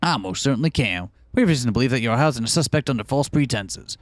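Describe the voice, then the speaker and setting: A stern male bird defense attorney in a video game, voiced by a man reading the lines, talking in formal, blustering legal language. His voice sits in a middle register and stays plain and unpolished, with soft game music underneath. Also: mid-range voice, lively intonation, fast, no room sound, close to an everyday voice. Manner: formal, bluffing legal talk, read from game text.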